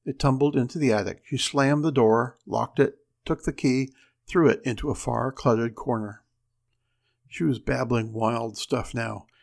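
A man reading a story aloud as narrator, measured with dramatic pauses. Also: mid-range voice, steady tone, creaky.

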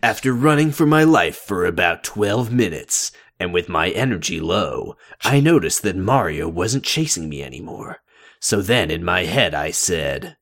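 A co-reader takes turns on a horror story played for comedy. The voice has a lively, swinging pitch, and the delivery is full of wisecracks. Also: measured pace. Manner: wisecracking, yelps into high shouts. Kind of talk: comedic dramatic reading.

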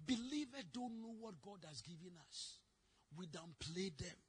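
A man preaching a sermon, telling stories with sudden shouted lines. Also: high voice, animated, measured pace, slightly rough. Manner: dramatic storytelling, bursts into shouting. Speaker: pastor.

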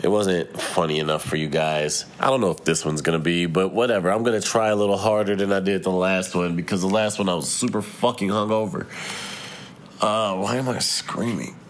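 A man's voice: low-pitched, steady tone, quick pace, few pauses, slight background noise. A young adult man hosting his own podcast, talking in a profane, heated, rambling rant. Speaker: podcast host. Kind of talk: casual solo podcast rant.

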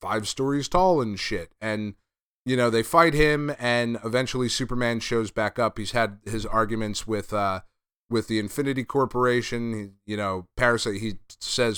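Bright, crisp-voiced man recapping comics. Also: on the low side, moderate pace, no echo, clean studio sound. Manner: laid-back, profane, enthusiastic recapping. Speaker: podcast host reviewing comics. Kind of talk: casual chat.

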